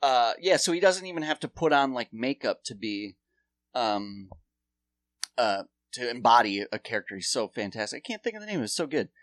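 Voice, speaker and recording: A man's voice: mid-range voice, sing-song, normal speed, a bit bright, no room sound. A man telling rambling, profane stories in a casual chat.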